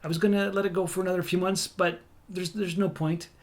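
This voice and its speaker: A man's voice: sits high, flat delivery, a little fast. An easygoing man hosting a podcast in casual chat, often stumbling over his first words. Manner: easygoing, repeats words when starting. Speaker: podcast host.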